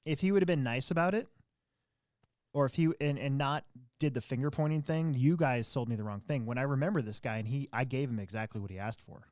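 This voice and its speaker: He's a podcast host with a mid-range voice and a fairly quick delivery, recounting a story in relaxed conversation. When quoting others he acts the lines out loudly and animatedly, and the recording is dry and studio-clean.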